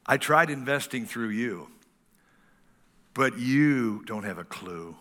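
A man's voice: mid-range voice, expressive, takes it slowly, bright, forceful tone. A man in his sixties preaching a sermon as pastor, folksy and full of stories.

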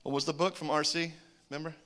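A man preaching a sermon, animated, with joking asides and swings between loud calls and hushed remarks. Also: a little high, fast. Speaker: pastor.

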